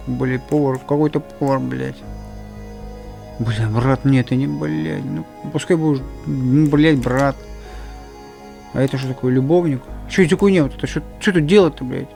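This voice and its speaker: A man streaming a game, commenting loudly and profanely with exasperation. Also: medium pitch, gravelly. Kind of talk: casual let's-play commentary.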